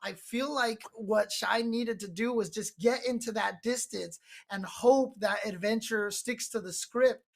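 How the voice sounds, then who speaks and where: A man's voice: high-pitched, measured pace, gravelly, hardly any pauses. A man commentating a fighting-game tournament, breaking down plays and cracking jokes as he goes. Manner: joking, rambling analysis. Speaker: esports commentator.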